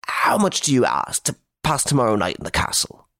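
A man voicing an anxious, wealthy old baron who pleads in a shrill, agitated voice in an audiobook. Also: wildly swooping pitch, fairly quick, fairly bright tone, no echo, studio quality. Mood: pleading. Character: anxious rich old male baron, frantic. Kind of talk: audiobook character voice.

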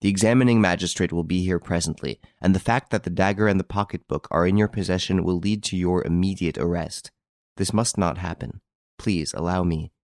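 Renine, a man reading a calm gentleman. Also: sits low, brisk, no echo, studio quality. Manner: calm, gently insinuating, quietly assured. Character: calm, composed gentleman taking charge. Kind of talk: audiobook character reading.

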